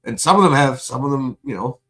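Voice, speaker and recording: A man venting in a profane, angry livestream rant, buzzed and high. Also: animated, brisk, bright, forceful tone.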